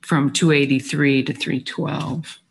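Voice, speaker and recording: A county official walking a meeting through tax figures, halting with many fillers and self-deprecating asides. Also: medium pitch, flat delivery, creaky, husky. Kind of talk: meeting presentation.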